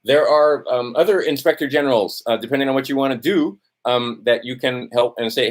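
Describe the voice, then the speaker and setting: A man's voice: medium pitch, brisk, few pauses. A man ranting to camera, swearing often, tossing in "right?" and losing his place in his notes. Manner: profane, testy, repeats "right?". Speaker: vlogger. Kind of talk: heated ranting monologue to camera.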